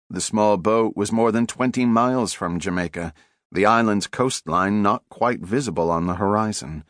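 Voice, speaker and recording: Man, audiobook narrator, low voice, dry close sound, measured dramatic reading. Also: fairly bright tone, no echo. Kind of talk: scripted narration. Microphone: close studio mic.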